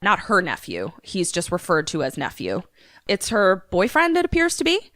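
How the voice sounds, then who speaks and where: Chatty podcast woman retelling a movie, lowish voice, dry close mic, swears a lot. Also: normal speed, no echo. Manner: animated storyteller, swears casually, acts out lines. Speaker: podcast co-host. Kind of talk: casual movie recap chat.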